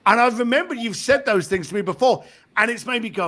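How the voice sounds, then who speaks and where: A man being interviewed about his book tells stories with a bright, sharp edge to his voice. He sits fairly high and swings his pitch widely. He slips into impressions of the people he describes. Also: lively intonation, fast talker. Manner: acts out other people's voices while telling anecdotes. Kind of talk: animated storytelling in conversation.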